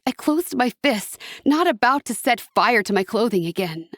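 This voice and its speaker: A woman reading a fantasy audiobook in a steady, expressive narration. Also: fairly high pitch, moderate pace, no room sound, studio quality.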